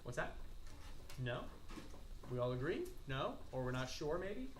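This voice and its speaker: A man's voice: mid-range voice, big pitch swings, a little slow, slight background noise. A man teaching a math lesson in a classroom, asking students questions and repeating their answers. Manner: coughs and clears throat now and then. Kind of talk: classroom lecture.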